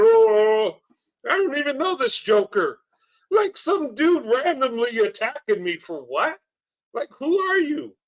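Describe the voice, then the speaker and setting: A man hosts a reaction video, commenting earnestly and warmly on clips, often laughing and repeating himself. His voice is high and a bit bright.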